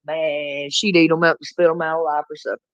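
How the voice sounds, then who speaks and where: A woman's voice: deep voice, flat delivery, fast talker. Woman, middle-aged, outspoken, motherly, dull lo-fi call audio. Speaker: caller on a livestream. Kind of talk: casual chat.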